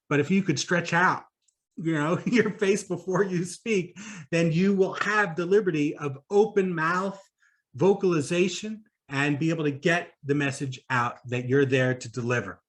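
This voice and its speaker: A man speaking at a conference about public speaking, conversational and animated, with fillers and quick laughs. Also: on the high side. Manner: animated, demonstrates voice exercises aloud.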